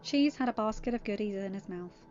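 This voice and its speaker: A woman narrating a fan story aloud in a steady, expressive reading. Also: medium pitch, fairly quick, highs cut off, soft background music. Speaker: reader.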